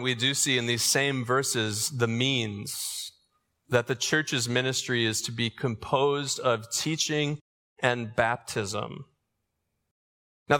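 In a church sanctuary with the long reverb of a large church, a pastor with a medium-pitched, sharp-toned voice preaches an earnest sermon to his congregation, building toward emphatic calls.

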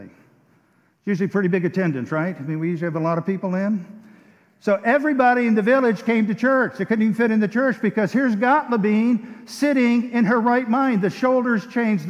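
Male preacher with a high voice, swinging from hushed to emphatic; muffled recording in a big hall. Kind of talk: sermon. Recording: muffled sound with long hall reverb.

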